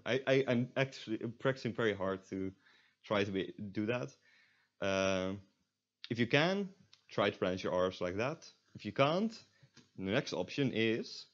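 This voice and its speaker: A young man with a Dutch accent, explaining pronunciation in a casual recorded lesson, with many fillers and restarts. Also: fairly low pitch. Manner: hesitant, lots of fillers and restarts, demonstrates sounds. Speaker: Dutch language tutor. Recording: dull lo-fi sound.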